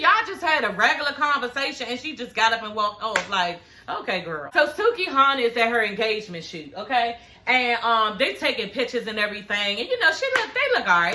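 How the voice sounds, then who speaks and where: A woman's voice: a little high, a little hiss or hum. Sassy, cussing woman recapping reality TV. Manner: animated, profane, sassy commentary. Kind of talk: casual chat.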